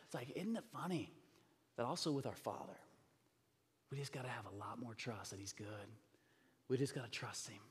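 A man preaching a sermon, telling a personal story with animated emphasis and repeating words when he gets excited. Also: mid-range voice, moderate pace, pauses often. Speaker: pastor. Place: church sanctuary. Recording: reverberant hall.

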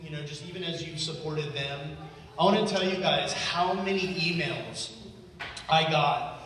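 A man's voice: a little high, a bit bright, slight background noise. A man giving a heartfelt, grateful testimony to a church congregation, talking earnestly with a chuckle here and there. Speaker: guest speaker thanking a church. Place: large church hall. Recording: echoey church hall from far off.

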